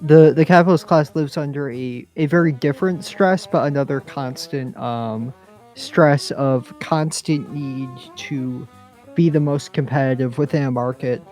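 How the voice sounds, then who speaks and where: Man lecturing slowly on a podcast. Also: mid-range voice, steady tone, a little mellow, faint music behind. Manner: deliberate, lecturing, with many pauses. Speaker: podcast co-host. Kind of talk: casual podcast talk.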